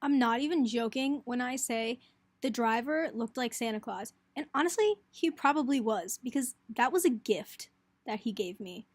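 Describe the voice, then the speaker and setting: Her voice sits on the high side with lively intonation and normal speed. This young woman, a college student, breathlessly recounts a chaotic trip for her vlog, peppering it with "like" and performing the quotes.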